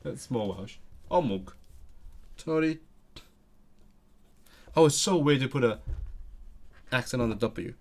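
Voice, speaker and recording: A man's voice: medium pitch, expressive, takes it slowly, long pauses. A man on a casual live stream, thinking aloud as he works through language exercises, hesitating often and repeating words.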